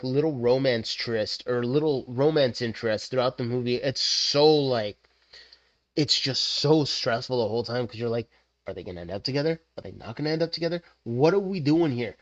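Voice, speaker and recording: Rambling male streamer with muffled sound. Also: medium pitch. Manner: animated rambling, frequent fillers. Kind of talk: casual stream chat.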